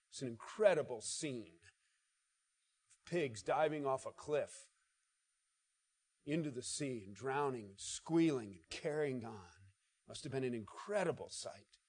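A man's voice: mid-range voice, animated, darkish tone, slightly rough. A man preaching a sermon, reading scripture aloud with swelling intensity and breaking into conversational asides to the congregation. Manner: reads scripture aloud with rising intensity, slowing for emphasis.

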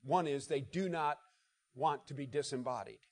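A man's voice: mid-range voice, darkish tone. A man preaching a sermon, reading scripture aloud with swelling intensity and breaking into conversational asides to the congregation. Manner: reads scripture aloud with rising intensity, slowing for emphasis.

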